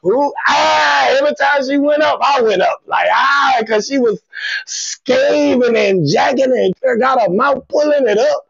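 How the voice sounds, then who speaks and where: A man with a high, gravelly voice tells raunchy stories on a live comedy stream and breaks into loud shouts and groans. He chats with his viewers by name. The audio is dull and lo-fi, with a dry, close sound. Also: measured pace, no room sound. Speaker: comedian hosting a live show. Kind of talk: raunchy comedic livestream monologue.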